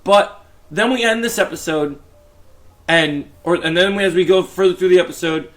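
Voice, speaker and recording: A man's voice: sits high, normal speed, fairly bright tone. A man giving a casual, enthusiastic and rambling review of a TV episode. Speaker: TV show reviewer.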